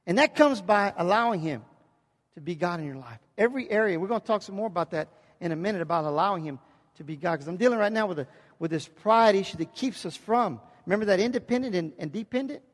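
A man's voice: high-pitched, expressive, fast, in a large hall. A pastor preaching an emphatic sermon in a church, often checking in with his congregation.

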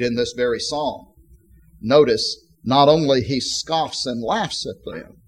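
A man's voice: mid-range voice, a little hiss or hum. A male preacher delivering a sermon, reading scripture verses aloud with emphasis and explaining them.

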